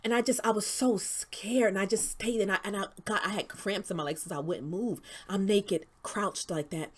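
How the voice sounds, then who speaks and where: A woman telling her personal story as an interview guest, earnest and faith-driven, sometimes dropping to a hush. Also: medium pitch, normal speed, breathy edge. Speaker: interview guest, founder of a women's outreach.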